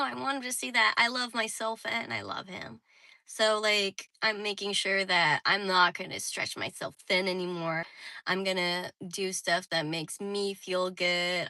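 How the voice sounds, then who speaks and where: Squeaky-voiced young woman livestreaming. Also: bright, forceful tone, dry recording, low-quality recording. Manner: chatty, heavy use of "like", reads viewer comments. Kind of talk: casual livestream chat. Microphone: phone.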